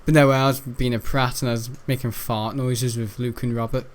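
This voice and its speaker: A man's voice: mid-range voice, little pitch movement, normal speed. A young man from Britain, rambling and giggling as he tells a school story while playing a game. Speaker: gaming video host. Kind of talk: casual gameplay commentary.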